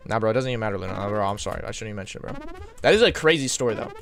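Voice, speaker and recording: A man's voice: on the low side, animated, racing, creaky, a bit bright. A young man live-streaming in casual chat, slangy and rambling as he thanks donors and reacts to guests.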